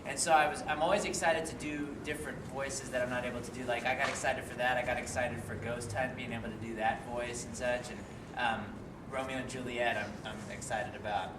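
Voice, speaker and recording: A man's voice: medium pitch, steady tone, brisk. A man, a voice actor and director, chatting through a panel Q&A with fillers and laughs. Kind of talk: casual panel Q&A. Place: convention panel room. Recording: echoey hall from far off, noisy.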